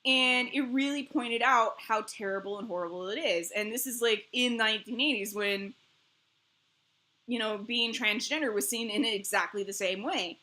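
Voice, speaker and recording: A woman streamer in casual chat, animated and rambling, laughing often between thoughts. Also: a little high, moderate pace. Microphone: streaming mic.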